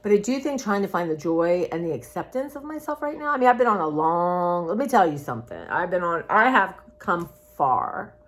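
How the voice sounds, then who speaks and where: A woman's voice: fairly low pitch, lively intonation, a little fast, few pauses. A woman talking candidly in a personal vlog, rambling and heartfelt in a confiding way. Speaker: vlogger.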